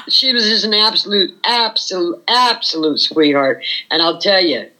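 A woman's voice: fairly low pitch, moderate pace, pushed and bright, low-quality recording. An older woman, a former burlesque performer, reminiscing frankly in a chatty interview and often saying "you know".

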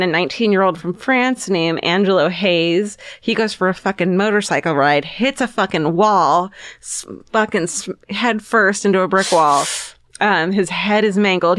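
A woman co-host tells grim true stories in loose, casual podcast chat. She swears freely and acts out the people in her stories with a laugh. Her voice sits at a middle pitch and sounds close and dry on the mic. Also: normal speed, a bit bright, no room sound. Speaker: podcast co-host telling the story.

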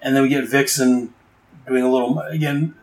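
A man recapping and reviewing a comic book in a casual, rambling way. His voice sits in an ordinary middle pitch. He fills pauses with fillers and eager asides about the scenes he likes. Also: steady tone, echoey room, poor audio.

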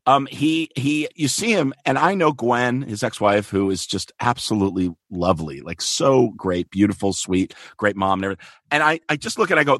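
A middle-aged man guesting on a comedy podcast, telling stories with a playful, gossipy warmth. His pitch moves freely as he talks. The recording is dry and close. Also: expressive, fairly quick, dry recording.

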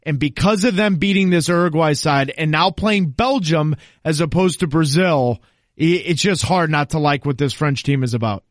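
A man's voice: a little high, moderate pace, no echo, studio quality. A man talking soccer on a podcast as an analyst guest, emphatic and confident as he explains at length. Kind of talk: casual podcast chat.

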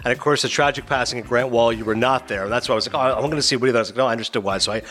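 A male podcast host in casual chat, animated and quick to mimic movie lines. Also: medium pitch.

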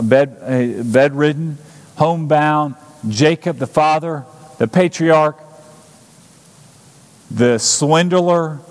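A man's voice: mid-range voice, darkish tone. A man preaching a sermon as pastor, earnest and urgent, building up with repeated phrases. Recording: long hall reverb.

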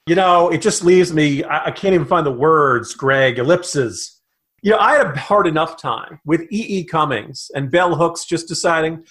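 A man's voice: on the high side, lively intonation, moderate pace, fairly bright tone. A man co-hosting a political podcast, ranting in mock outrage. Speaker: podcast co-host and writer. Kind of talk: casual political podcast chat.

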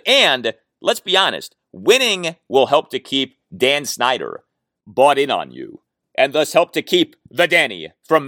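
A man hosts a solo sports podcast at a middle pitch. His delivery is animated, his voice leaps high and drops low, and he jokes with himself as he goes. The sound is dry, with no room echo. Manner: animated, talks to himself jokingly.

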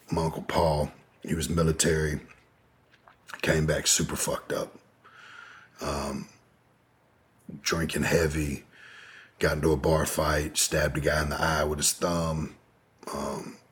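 Man, extremely low voice, rough and husky, casual rambling storyteller, interview guest. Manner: laid-back, profane, rambling with fillers. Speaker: podcast guest.

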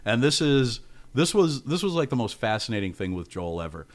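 A comedian telling profane, animated anecdotes on a podcast, laughing often. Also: male voice, mid-range voice, fairly quick. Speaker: guest comedian.

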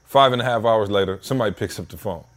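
A man's voice: on the low side, fast talker. A man hosting a podcast from his home basement, telling a long casual story in slangy speech and acting out the voices of the people in it. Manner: animated, slangy storyteller who acts out dialogue. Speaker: podcast host.

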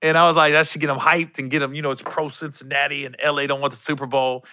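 A man telling a long, rambling story in a casual, animated way, often correcting himself mid-sentence. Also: a little high, fast talker, a little hiss or hum.

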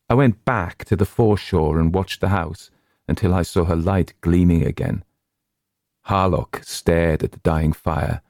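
A man narrates a horror tale in a hushed, measured way, lingering on the chanted rhyme lines. His voice sits very low with a warm, dark tone. The recording is dry and close, with no room sound. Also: no room sound. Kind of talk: storytelling reading of a horror tale.

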